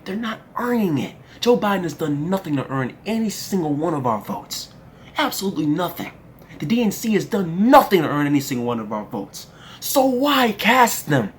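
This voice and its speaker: Young adult commentator, furious profane political rant, wildly swinging pitch. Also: very animated, moderate pace, slight background noise. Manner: indignant, profane, emphatic.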